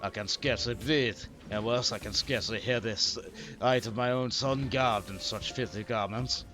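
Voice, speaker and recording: A man's voice: mid-range voice, over music, voice pushed down, natural voice. A man voicing a haughty older noble father who talks down to his son in a pompous, archaic way, reading game dialogue aloud. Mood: disdainful. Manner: pompous, archaic, slow and heavy.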